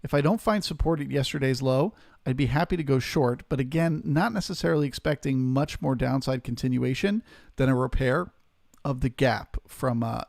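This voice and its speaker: A man's voice: medium pitch, creaky, darkish tone, no room sound, clean studio sound. A man hosting a live trading stream, steadily talking through market levels and greeting viewers in chat.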